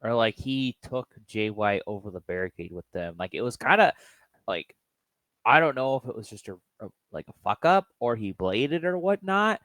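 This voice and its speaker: A man's voice: medium pitch, expressive, normal speed, a bit bright. A man with a mid-range voice chats loosely about wrestling as a podcast co-host, casual and a little profane. The sound is dry, with no room echo. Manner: casual, loose, some swearing. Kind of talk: casual chat.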